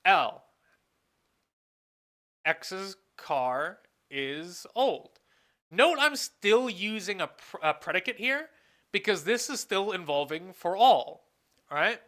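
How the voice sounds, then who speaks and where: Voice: medium pitch, expressive, unhurried, fairly bright tone. A professor giving a recorded lecture, thinking aloud, asking questions and answering them, and often correcting themself mid-sentence. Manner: asks the class questions and then answers them.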